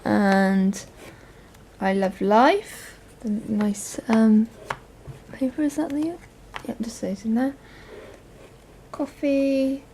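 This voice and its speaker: A woman's voice: a little high, fairly even intonation, very slow, pauses often, dark tone, a little hiss or hum. Chatty woman showing her crafts. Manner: chatty, rambling, many ums. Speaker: crafting vlogger. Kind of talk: casual show-and-tell chat.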